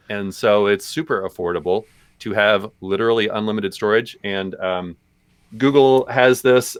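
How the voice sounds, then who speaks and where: A man's voice: fairly low pitch, smooth, no room sound, studio quality. A man co-hosting a live stream, answering viewer questions in a loose, rambling way with lots of fillers. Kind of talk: casual live-stream chat.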